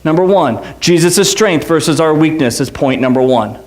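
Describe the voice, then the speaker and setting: A man's voice: fairly high pitch, animated, moderate pace, a little mellow, roomy sound. A man preaching a sermon as pastor, conversational and joking, full of rhetorical questions. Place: church sanctuary.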